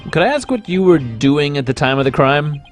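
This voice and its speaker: A man's voice: fairly high pitch, sing-song, a little fast, faint music behind. A man voicing an earnest young male defense lawyer in a video game, with a dry, skeptical edge. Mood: wry. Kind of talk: reading game dialogue aloud.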